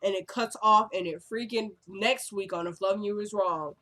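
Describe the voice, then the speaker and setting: A woman's voice: mid-range voice, normal speed, pushed and bright, a little hiss or hum. A young woman casually recapping a TV episode, retelling scenes with lots of "like" and "y'all" and acting out the characters' lines. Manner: uses fillers like "like" and "y'all".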